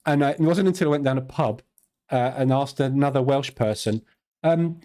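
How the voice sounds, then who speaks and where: A man's voice: mid-range voice, moderate pace, pauses often, dark tone. A middle-aged man with a southern English accent, hosting a live trading stream and chatting casually with viewers, joking and laughing easily. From southern England. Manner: chatty, jokey, laughs easily, answers viewers' questions aloud.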